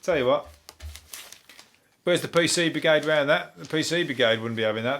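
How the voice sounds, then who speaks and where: A man, a comedian hosting a topical comedy podcast, ranting in a rambling, sweary, deadpan way. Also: a little high, normal speed, long pauses. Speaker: comedian host.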